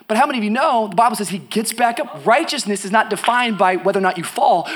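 High-voiced man preaching with big swings. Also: brisk, few pauses. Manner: animated preaching, swinging between shouts and soft storytelling. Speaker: pastor. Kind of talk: sermon.

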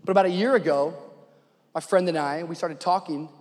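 High-voiced preacher in a reverberant hall. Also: male voice, fairly quick. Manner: builds from conversational storytelling to loud exhortation. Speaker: pastor. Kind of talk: sermon.

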